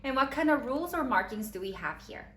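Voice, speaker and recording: A woman teaching a third-grade spelling lesson, slowly sounding out letters and giving encouraging praise. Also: high voice, animated, fairly bright tone, a little hiss or hum. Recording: echoey room with faint ambience.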